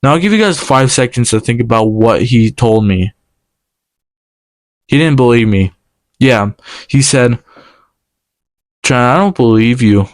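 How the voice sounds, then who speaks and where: A young man casually telling a personal story, animated and quoting others in quick back-and-forth exchanges. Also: mid-range voice, no room sound.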